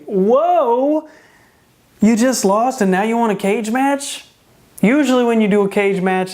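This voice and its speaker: A wrestling show reviewer in a casual spoken review, sarcastic and full of rhetorical questions, with a voice that is starting to give out. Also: medium pitch. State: starting to lose voice.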